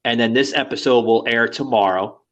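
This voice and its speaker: A man's voice: medium pitch, brisk, muffled recording. Rambling, filler-heavy podcast host man. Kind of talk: casual podcast chat.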